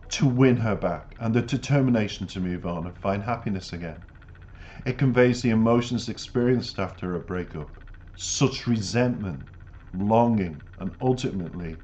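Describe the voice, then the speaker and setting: A man's voice: on the low side, darkish tone. A man hosting a music reaction channel, giving reflective commentary and earnest, emphatic life advice. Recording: dull lo-fi audio with faint noise.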